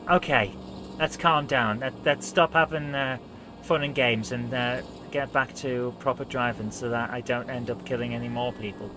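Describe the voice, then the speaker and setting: A man's voice: medium pitch, background noise. A man hosting a let's play, talking casually over his gameplay with frequent exclamations and mild swearing. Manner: exclamatory, swears and laughs at his own driving.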